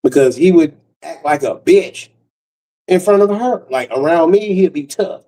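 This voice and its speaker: Brief: a man doing loose, profane comic storytelling with a mellow tone, recorded a bit off-mic. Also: on the high side, animated, measured pace, distant mic, rough recording. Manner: loose, profane and laughing, with frequent restarts. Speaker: comedian.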